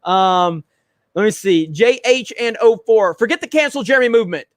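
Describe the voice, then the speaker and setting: A man's voice: sits high, animated, moderate pace, dry recording. A man hosting a livestream, reading chat in a blunt, profane, joking way. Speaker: livestream host.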